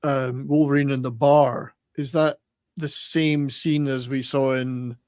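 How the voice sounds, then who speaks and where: A man's voice: mid-range voice, little pitch movement, slow, darkish tone, dry recording, clean studio sound. A man on a podcast panel who asks the others questions about a film in casual chat. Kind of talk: casual movie review chat.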